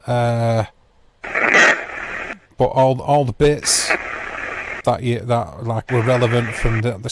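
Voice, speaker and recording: A man hosting a livestream, chatting casually and rambling with viewers by name, with dry self-mocking humour. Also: medium pitch. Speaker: livestream host. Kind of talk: casual chat with a live chat. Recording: loud background noise.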